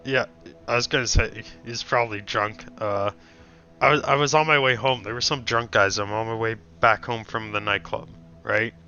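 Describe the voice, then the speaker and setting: A man's voice: medium pitch, fairly even intonation, moderate pace, pushed and bright, smooth, soft background music. A young man streaming, telling a story in casual chat with blunt, profane ranting. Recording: dull lo-fi stream audio.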